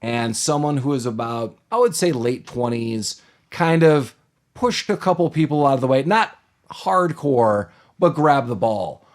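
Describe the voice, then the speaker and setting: A man's voice: medium pitch, animated, unhurried. A man co-hosting a podcast, chatting casually and rambling through a movie recap, with fillers and voices for the people he quotes. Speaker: podcast co-host.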